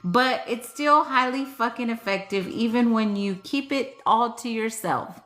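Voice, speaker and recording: A young woman vlogger reads cards and chats casually with her viewers, playful, laughing often, and swearing freely. Her voice is fairly high and bright, animated yet a little slow.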